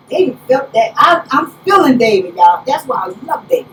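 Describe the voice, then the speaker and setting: A woman apostle preaching a conversational sermon, telling stories with lively preacherly exclamations. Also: a little high, normal speed, hardly any pauses. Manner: animated storytelling, preacherly exclamations. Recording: roomy, distant, faint background hiss.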